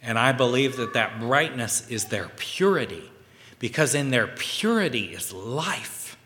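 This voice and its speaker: A man preaching a scripture sermon, slow and halting, reading verses aloud between his own remarks. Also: mid-range voice, lively intonation, pushed and bright, slight background noise. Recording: long hall reverb.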